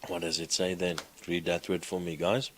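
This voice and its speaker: A man's voice: low-pitched, level tone, normal speed, heavy background noise. A man teaching a Greek class, coaxing students with questions. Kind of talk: classroom lecture.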